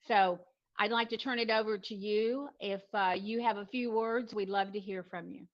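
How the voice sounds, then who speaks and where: A woman's voice: mid-range voice, fairly even intonation, normal speed, dull audio. A woman presenting an award, reading a formal, upbeat prepared announcement and then speaking a little more freely.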